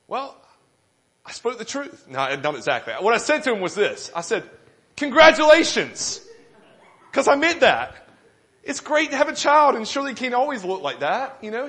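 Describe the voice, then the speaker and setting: Male pastor, sermon delivery, a touch higher-pitched, animated storyteller who acts out the dialogue. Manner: storytelling with self-deprecating humor.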